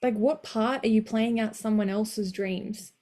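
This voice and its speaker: A woman coach hosting a live motivational session, energetic and blunt, swearing casually and cheering her listeners on. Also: mid-range voice, measured pace.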